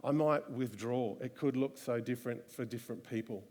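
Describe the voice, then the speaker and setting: A man's voice: medium pitch, a little fast, a little mellow. A man preaching a live church sermon, earnest and full of rhetorical questions. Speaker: pastor. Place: church service.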